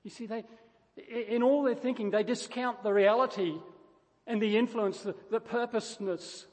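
A man's voice: very high-pitched, steady tone, moderate pace, a little mellow, big-room sound. A man preaching a sermon, driving his points home through repetition and emphatic stress, often restarting words mid-phrase.

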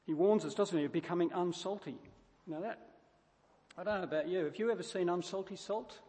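A man's voice: high-pitched, a little fast, mellow, big-room sound. A man preaching a sermon, driving his points home through repetition and emphatic stress, often restarting words mid-phrase.

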